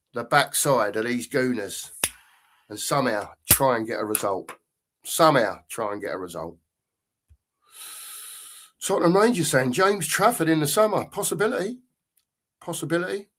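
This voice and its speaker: A man's voice: medium pitch, fairly bright tone. A middle-aged man hosting a casual live football stream, reading out chat and greeting viewers in a matey way.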